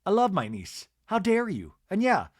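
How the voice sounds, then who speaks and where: A man's voice: high voice, huge pitch swings, normal speed, dry recording, clean studio sound. A man hosting a podcast with a comic reality-TV recap, talking in a campy, indignant way. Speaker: podcast host.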